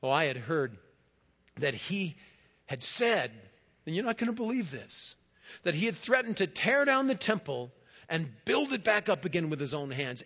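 A man, a guest speaker in a church, giving a first-person dramatic monologue in a storytelling manner, swelling loud and then dropping quiet. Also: on the high side, sing-song, moderate pace. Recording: dull lo-fi recording.

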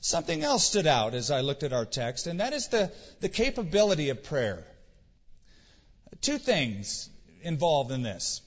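A man's voice: a little high, huge pitch swings, unhurried, breathy edge. A man preaching a sermon in a casual, conversational way, acting out quotes with mock voices. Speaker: pastor. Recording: dull sound with long hall reverb.

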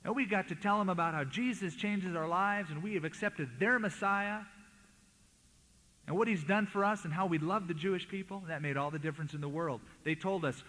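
A man preaching a sermon in a somewhat high voice, leaning into words with emphatic rises and falls as he reads scripture aloud. His voice carries through a church sanctuary with a long reverb tail. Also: fairly quick, a bit bright. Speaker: pastor.

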